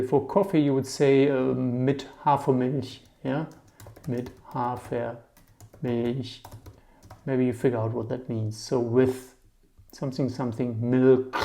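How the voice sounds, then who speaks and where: A man teaching German vocabulary in a relaxed, chatty lesson, often checking in with a quick "yeah?" while he explains words with memory tricks. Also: mid-range voice, gravelly.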